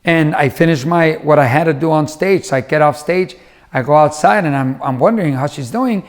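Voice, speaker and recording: A man's voice: fairly high pitch, a little fast. A middle-aged man giving a conversational motivational talk, telling family stories and acting out the voices of the people in them. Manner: conversational, acts out quoted voices. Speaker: motivational speaker.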